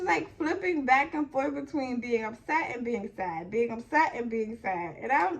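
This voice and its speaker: A woman's voice: medium pitch, fairly bright tone. A young woman from New Jersey telling a personal story in a casual, chatty way, full of "like" and "okay?". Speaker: vlogger.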